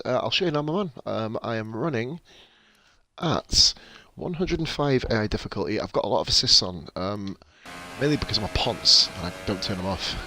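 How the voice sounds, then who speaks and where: Swearing streamer, low voice. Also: male voice, sharp tone, a little hiss or hum. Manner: profane, jokey banter with chat. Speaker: game streamer. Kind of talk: casual live-stream commentary.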